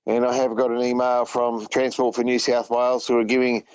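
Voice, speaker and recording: A man's voice: medium pitch, little pitch movement, fairly quick, a little mellow, smooth, no echo, rough recording. A man with an Australian accent, a truck driver and regular guest, telling long rambling anecdotes in casual chat and retelling what others said. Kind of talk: casual phone-in storytelling.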